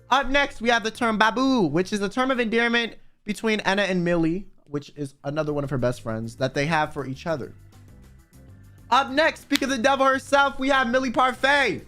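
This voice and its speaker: A man's voice: high-pitched, sharp tone. A young man streamer giving casual, profane commentary, wandering into rambling asides.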